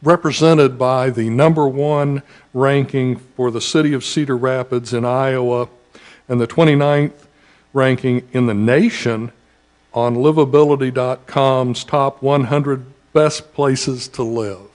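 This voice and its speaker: A man, a school district administrator, giving a formal public speech in a measured way with frequent "uh" pauses. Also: medium pitch, fairly even intonation, a little mellow. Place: school event audience setting.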